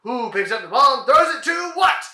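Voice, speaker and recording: A man doing a flustered, shouting straight-talker. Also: extremely high pitch, very animated, roomy sound, full character voice. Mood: exasperated. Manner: shouting, exasperated, rapid-fire. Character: excitable, flustered man trying to learn player names. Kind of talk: comedy dialogue reading.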